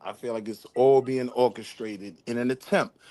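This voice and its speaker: A man's voice: medium pitch, moderate pace, no echo. A man hosting a casual group debate podcast, arguing his point insistently and talking over others. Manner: argumentative, insistent, animated.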